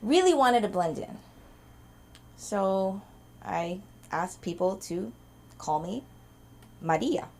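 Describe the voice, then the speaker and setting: A woman's voice: medium pitch, expressive, slow pace, pauses often, a little mellow, slight background noise. A woman from Los Angeles doing a stand-up set, landing her punchlines dry. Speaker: stand-up comedian. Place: comedy club stage.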